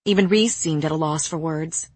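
Woman, audiobook narrator, husky, fairly low voice, measured first-person storytelling, dry close sound. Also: no room sound.

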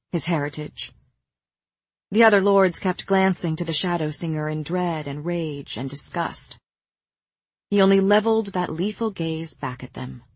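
A woman reading a novel aloud in first person, with measured, even storytelling. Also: fairly low pitch, slightly rough, no room sound. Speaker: audiobook narrator. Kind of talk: scripted first-person narration.

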